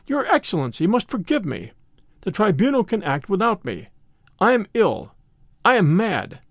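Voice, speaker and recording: A man's voice: sits high, very animated, moderate pace, no room sound, studio quality, voice pushed up, heavily acted. A man voicing a distraught young man in an audiobook, speaking in a frantic, pleading way.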